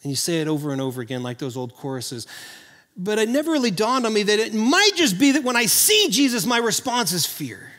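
A man from Oklahoma preaching a sermon as pastor, earnest and animated, often restarting his sentences. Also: high voice, fairly quick, big-room sound. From Oklahoma, USA.

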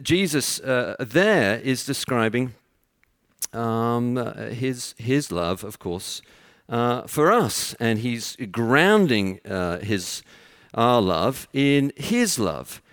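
A man's voice: mid-range voice, sing-song, very slow, fairly bright tone, clear, resonant tone, no echo, clean studio sound. A man preaching an expository sermon, explaining his points in a teacherly way with everyday examples.

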